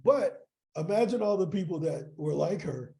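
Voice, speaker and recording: A man from East St. Louis, a podcast guest telling animated stories and often checking in with "right?". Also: sits high, normal speed, gravelly. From East St. Louis, Illinois. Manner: animated storyteller, keeps asking "right?". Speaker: podcast guest, sales coach. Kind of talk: casual interview storytelling.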